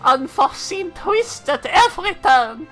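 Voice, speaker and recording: A woman's voice: extremely high pitch, very animated, unhurried, a bit bright, faint music behind, voice pushed up, full character voice. A woman voicing a grand theatrical stage narrator, declaiming in a big dramatic way.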